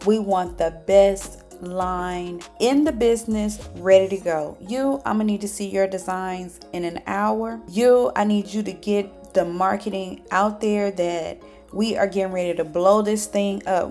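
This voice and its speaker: A commanding female fashion mogul, put on by a woman recapping a show, rattling off brisk orders to her team. The voice sits at an ordinary middle pitch and stays firm and no-nonsense. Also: mellow, soft background music, natural voice.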